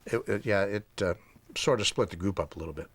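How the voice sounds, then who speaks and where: A man's voice: fairly low pitch, fast talker, a bit bright, husky. A man in an interview, reminiscing in a hesitant way. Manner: hesitant, with fillers and restarts. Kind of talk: reflective interview.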